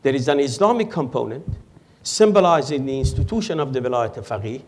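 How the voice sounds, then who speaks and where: Guy explaining things slow and careful on a panel, dry jokes, average pitch. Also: animated, a little mellow, a little hiss or hum. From Iran. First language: Persian. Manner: measured, lecturing, dry humor. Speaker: panel guest, Iran expert. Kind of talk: panel discussion answer. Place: auditorium with audience.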